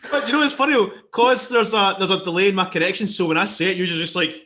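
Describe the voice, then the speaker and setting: A Scottish man hosting a casual livestream chat, talking in an animated, sweary way and acting out lines in silly voices. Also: high-pitched, fast. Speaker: podcast host.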